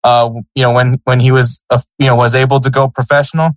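A man's voice: mid-range voice, level tone, quick pace, dry recording, poor audio. A man co-hosting a sports podcast in casual chat, rambling with many fillers and restarts. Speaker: podcast co-host.

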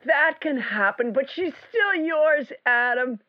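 A woman's voice: sits high, lively intonation, slow, dry recording. A woman playing a know-it-all phone psychic. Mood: insistent. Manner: mystical, insistent. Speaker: caller. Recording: dull lo-fi phone sound.

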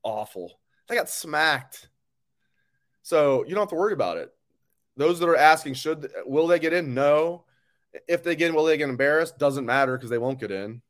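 A man's voice: a little high, animated, normal speed. Angry ranting sports host, a man. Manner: angry, ranting, blunt, swears. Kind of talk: live call-in sports talk.

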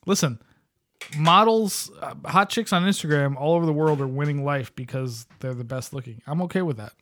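A man's voice: mid-range voice, fast, a little hiss or hum. A man co-hosting a podcast in casual chat, easygoing, laughing often and swearing now and then. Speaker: podcast co-host.

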